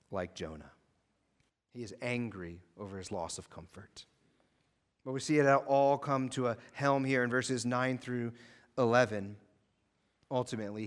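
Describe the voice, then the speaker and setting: A man preaching a sermon as pastor, swinging from hushed reflection to intense, fervent passion. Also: mid-range voice, long reverb tail. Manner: impassioned, rising to intense fervor.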